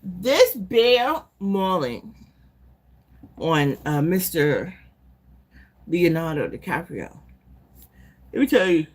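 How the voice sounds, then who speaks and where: A woman live-streaming casually, retelling a movie in an animated, profane, rambling way. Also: fairly low pitch, takes it slowly, long pauses. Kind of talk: casual chat recapping a movie.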